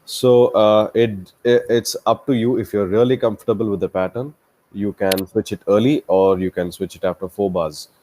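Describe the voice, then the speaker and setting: A man's voice: fairly low pitch, steady tone, normal speed, a little mellow, slight background noise. A man teaching a one-to-one guitar lesson, patiently explaining a strumming pattern step by step and counting beats aloud. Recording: guitar playing throughout. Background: acoustic guitar playing.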